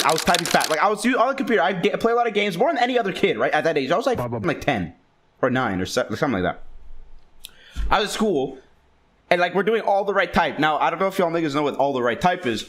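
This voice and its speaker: A man's voice: on the high side, expressive, very fast, fairly bright tone. A young man telling a rambling story in casual, profane talk, full of fillers and restarts.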